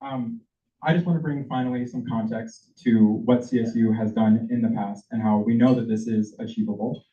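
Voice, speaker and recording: A man's voice: on the low side, steady tone, moderate pace, mellow. A man speaking casually at a senate meeting, loose and informal. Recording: distant, roomy, dull lo-fi sound.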